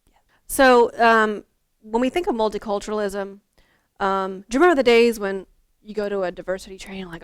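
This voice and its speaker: A woman's voice: mid-range voice, a little fast, clear, resonant tone. Woman giving a conversational teacher workshop. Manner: conversational, storytelling, many fillers and restarts. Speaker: teacher trainer, former school counselor.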